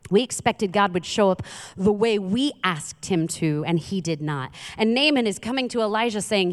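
A woman preaching a sermon, retelling a Bible story in a conversational, animated way with casual asides. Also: mid-range voice, moderate pace. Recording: long hall reverb.

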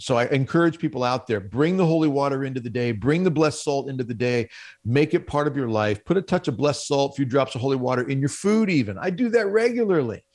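Man telling a self-mocking story. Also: mid-range voice. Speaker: guest speaker on spiritual life. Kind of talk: storytelling testimony on radio.

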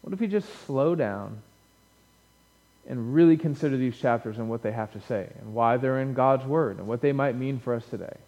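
A man's voice: mid-range voice, moderate pace, warm tone. A man preaching a sermon as pastor, conversational and joking with his congregation in a church sanctuary. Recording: dull lo-fi church recording with long reverb.

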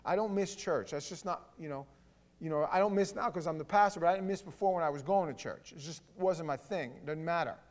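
A man pastor giving a conversational sermon with stammering restarts, swelling into loud fervor. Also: fairly high pitch, fairly quick.

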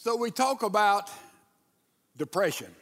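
A man preaches from the pulpit, talking his congregation through scripture and prayer. His voice sits high and moves at an unhurried, deliberate pace. The sound rings with the long reverb of a large sanctuary. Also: big pitch swings, fairly bright tone. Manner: leads congregation in reading and prayer. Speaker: pastor. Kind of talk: sermon. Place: church sanctuary.

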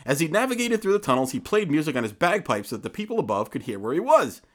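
A male podcast co-host who tells stories in a loose, joking way. His pitch swings widely as he reads through his notes. It is casual chat between friends. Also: sing-song, fast talker. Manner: jokey storytelling, reads from notes.

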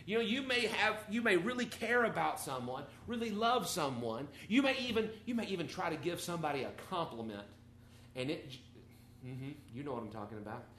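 Animated man preaching in echoey hall. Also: fairly high pitch, brisk, slight background noise. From Texas or Arkansas, USA. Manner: animated, conversational, rising and falling in volume. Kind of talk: sermon. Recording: echoey room.

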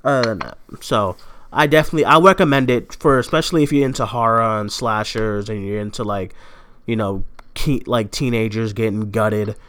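A man's voice: fairly low pitch, fairly quick, a bit bright, clear, resonant tone. Guy hosting a live chat, lots of likes and ums, easygoing. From Boston. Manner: loose, filler-heavy chat with laughs. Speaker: host. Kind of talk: casual chat.

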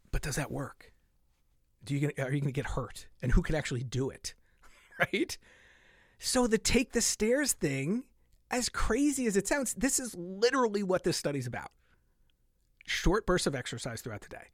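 Animated middle-aged man, dry close sound. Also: high-pitched, moderate pace, long pauses, no echo. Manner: animated, laughs often, drops to soft asides. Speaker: fitness podcast host. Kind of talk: casual solo podcast monologue.

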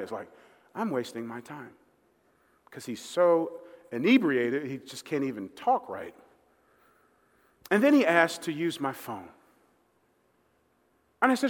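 A man's voice: fairly high pitch, bright, forceful tone. A male pastor preaching a sermon, telling a story in a conversational way and acting out the voices of the people he quotes. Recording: long reverb of a large hall.

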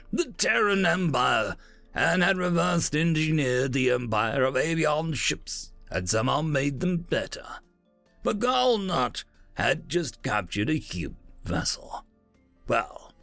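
Gravelly, animated male story narrator. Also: mid-range voice, no echo.

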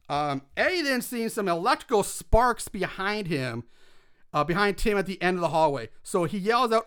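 A man narrates a movie's plot in loose, chatty podcast style, often slipping into the characters' voices. His voice has a bright, forward edge. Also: sits high, moderate pace, smooth. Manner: animated storytelling, acts out characters' lines, lots of "like". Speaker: podcast co-host recapping a film. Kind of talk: casual movie recap chat.

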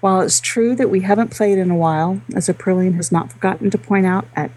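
A woman's voice: medium pitch, fast, darkish tone, a little hiss or hum, low-quality recording. A woman speaking on a casual gaming podcast, friendly and lightly teasing. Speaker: podcast co-host. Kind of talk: casual chat.

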